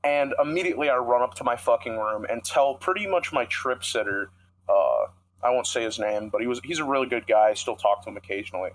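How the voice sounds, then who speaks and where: A man's voice: mid-range voice, quick pace, poor audio. A young man co-hosting a podcast, telling a rambling, profanity-heavy story in casual chat. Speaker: podcast co-host.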